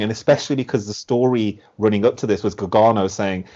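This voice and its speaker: A man's voice: lowish voice, fast talker. Chatty man, muffled podcast audio. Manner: animated, acts out quotes with "like". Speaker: podcast guest. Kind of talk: casual podcast chat.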